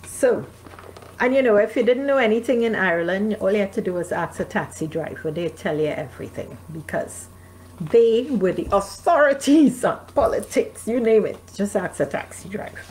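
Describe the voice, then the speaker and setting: Live from her home, a North American woman reads her memoir and now and then breaks off to chat with her audience. She speaks a little fast in a mid-range, slightly mellow voice, and the audio is poor.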